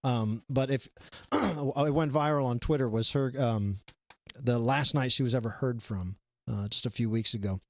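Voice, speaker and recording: A man's voice: medium pitch, normal speed, no echo. A man hosting a comedy live stream, chatting casually and rambling with lots of fillers and restarts. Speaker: comedy show host.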